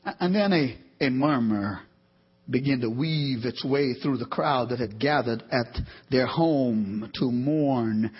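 Husky high-voiced preacher, dramatic. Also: male voice. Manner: dramatic, swinging from loud emphatic peaks to soft low asides; repeats words and corrects himself mid-sentence. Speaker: pastor. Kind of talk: sermon. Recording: dull lo-fi recording.

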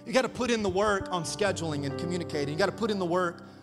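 A man in his thirties preaching a sermon as pastor, energetic and animated, calling out to the congregation. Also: sits high, very fast. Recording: reverberant hall, faint music behind.

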